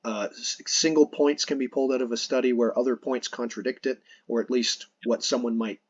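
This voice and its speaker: Husky-voiced man hosting a podcast. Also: medium pitch, fairly even intonation, a little fast, no echo, dull audio. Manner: earnest, explanatory, with frequent restarts. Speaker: podcast host. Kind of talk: casual podcast conversation.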